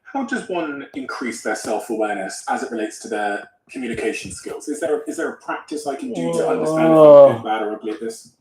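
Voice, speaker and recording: A man's voice: mid-range voice, lively intonation, fairly quick, hardly any pauses, a little mellow, echoey room, recorded from a distance, a little hiss or hum, poor audio. A man hosting a podcast conversation, talking casually and asking probing questions. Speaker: podcast host.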